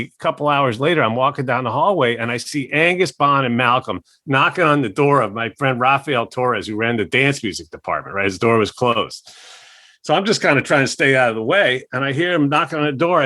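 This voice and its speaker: A man, a record executive, telling a profane, animated story in a casual interview, acting out the quotes. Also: medium pitch, no room sound.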